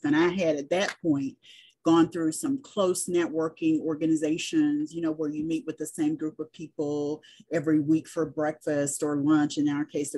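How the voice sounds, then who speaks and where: A middle-aged woman with a Southern US accent, a business coach chatting as an interview guest and telling stories in a relaxed way. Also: deep voice, slightly rough. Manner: chatty storyteller, spells things out. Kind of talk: casual interview chat.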